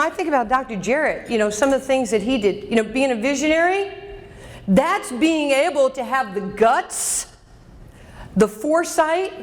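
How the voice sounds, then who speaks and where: A woman in her fifties from New York giving a motivational keynote at a luncheon. She speaks emphatically and directly into a microphone and calls out audience members. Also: sits high. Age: 50s. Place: banquet hall at a luncheon. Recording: echoey banquet hall.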